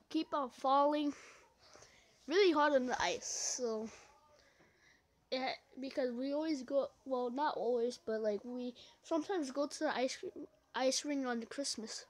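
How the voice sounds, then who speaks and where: A woman casually reacting to a video with halting, hesitant remarks. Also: sits high.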